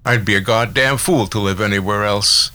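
A man's voice: fairly low pitch, normal speed, bright, forceful tone. A man voicing a brash, wealthy young man who speaks curtly and decisively. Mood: blunt.

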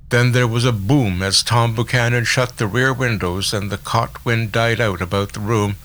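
Bright-toned male audiobook narrator. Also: lowish voice. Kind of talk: scripted literary narration.

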